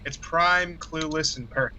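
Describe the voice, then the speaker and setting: A man's voice: on the high side, unhurried, pushed and bright, muffled recording, a little hiss or hum. A man playing at a game table who asks the dungeon master questions in a matter-of-fact way. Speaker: player. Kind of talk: casual table talk.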